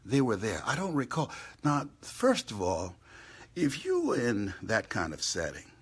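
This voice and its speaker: A man giving an impassioned live motivational talk from a hotel room, swinging between hushed whispers and loud outbursts. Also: fairly low pitch, huge pitch swings, unhurried, breathy edge. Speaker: motivational speaker. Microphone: live stream.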